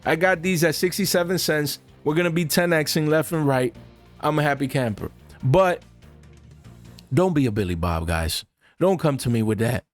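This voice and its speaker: A man giving casual, animated commentary on the card market to his viewers, full of slang and asides to "guys". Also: fairly high pitch, moderate pace, faint music behind.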